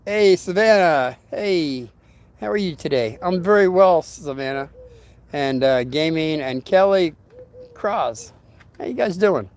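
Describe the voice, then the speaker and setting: A rambling, folksy older man hosts a casual storytelling livestream. His voice sits a touch higher than most men's. He drifts between his tale and greeting viewers by name as their comments come in.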